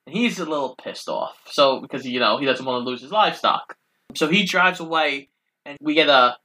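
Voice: medium pitch, normal speed, bright, forceful tone, poor audio. A co-host of a casual film review podcast, steadily recapping the plot with easy asides. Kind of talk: casual chat.

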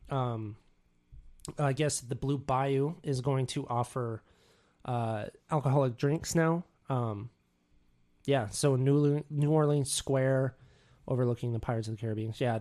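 Young guy rambling thru a solo podcast, trips on names and laughs at himself, mid-pitch voice. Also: darkish tone. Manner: rambling, self-mocking, stumbles over names. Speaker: podcast co-host. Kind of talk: solo news podcast chat. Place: home office.

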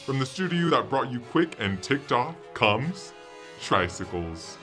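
A man's voice: medium pitch, sing-song, measured pace. A man doing a spoof movie-trailer voice-over with dramatic announcer delivery. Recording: voice over loud music.

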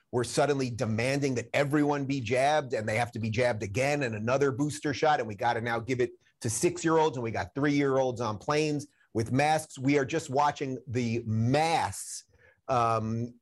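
A man's voice: medium pitch, normal speed. Earnest man in his forties. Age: 40s. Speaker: guest author. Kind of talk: political talk show interview.

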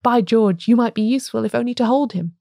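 A woman's voice: on the high side, fast, creaky, dark tone, dry recording, clean studio sound. A woman reading a story aloud, voicing a genial, easygoing male police inspector.

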